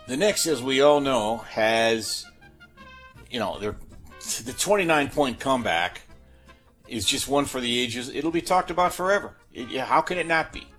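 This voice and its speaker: A male sports talk host with a lively, swooping delivery and a mid-range voice. He rambles casually through his clues, full of fillers and restarts, with faint music playing underneath. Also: medium pitch, normal speed. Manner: animated, chatty, with filler-heavy restarts. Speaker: sports talk host running a guessing game. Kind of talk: casual sports radio chat.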